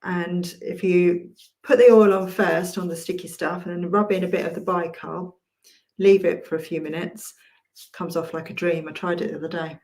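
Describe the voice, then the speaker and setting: A woman co-hosting a relaxed conversation and reading viewer comments, hesitant and self-deprecating. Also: on the low side, normal speed. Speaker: co-host. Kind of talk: casual chat.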